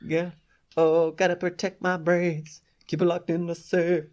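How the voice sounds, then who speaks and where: A woman's voice: lowish voice, flat delivery, measured pace, darkish tone, highs cut off. A young adult woman co-hosting a podcast, chatting in an enthusiastic, playful way. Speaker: podcast co-host. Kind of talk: casual chat.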